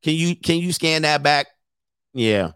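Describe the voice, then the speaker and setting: A man's voice: on the high side, lively intonation, unhurried, fairly bright tone, smooth, no room sound, clean studio sound. A man hosting a casual livestream as a coach, joking crudely, laughing often and acting out other people as he tells stories. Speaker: host and dating coach.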